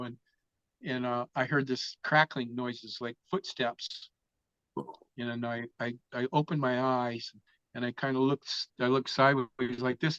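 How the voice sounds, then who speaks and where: A man's voice: mid-range voice, a bit bright, clean tone, no room sound. A man telling a story as an interview guest, casual and full of swearing. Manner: profane, vivid storyteller. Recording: dull, dry lo-fi sound.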